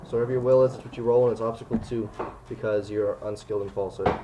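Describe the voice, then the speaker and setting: A young man acting as game master, calmly explaining the rules. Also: lowish voice, very fast, background noise. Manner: relaxed, explains rules plainly. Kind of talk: running a tabletop game.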